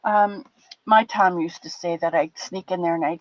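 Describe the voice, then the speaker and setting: A woman's voice: lowish voice, fairly even intonation, moderate pace. Chatty older woman streaming to viewers. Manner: chatty, affectionate, rambling with restarts. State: a bit teary. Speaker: livestream host. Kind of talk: casual chat with live chat viewers. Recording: dull lo-fi dry sound.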